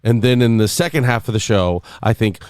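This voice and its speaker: A man's voice: mid-range voice, brisk, a little mellow, dry recording, clean studio sound. A man hosting a casual podcast, rambling and joking with many fillers. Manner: rambling, filler-heavy, jokey. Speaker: podcast host and sound engineer.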